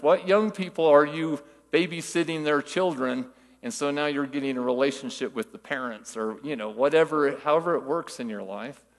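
An older man preaching in a relaxed, conversational way, weaving folksy stories with rhetorical questions. His voice has a gravelly edge, and it rings out with the long reverb of a big church hall. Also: mid-range voice. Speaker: church teacher. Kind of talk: conversational sermon.

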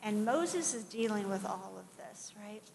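A middle-aged woman preaching a sermon in a conversational, animated way, with asides and acted-out quotes. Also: mid-range voice, a little slow, vocal fry. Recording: long hall reverb, faint background noise.

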